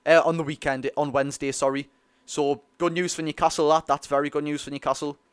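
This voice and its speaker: Fast and a little high, the clear, resonant voice of a young Geordie man comes through a dry recording. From North East England, he streams football watch-alongs, chatting excitably and casually with viewers and reading their comments out.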